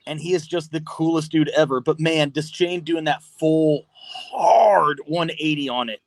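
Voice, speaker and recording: A man, a guest on a podcast, tells a story in a casual, animated way, laughing often and swearing freely. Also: fairly high pitch, measured pace, no echo. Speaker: podcast guest, pro wrestler. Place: podcast studio.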